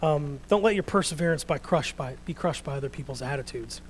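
A middle-aged man preaching a sermon, earnest and animated, dropping to a hush for quoted words. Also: on the high side, brisk, a little hiss or hum, rough recording.

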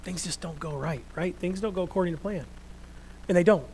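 A middle-aged man preaching a sermon, earnest and animated, dropping to a hush for quoted words. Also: high voice, fairly quick, slight background noise, poor audio.

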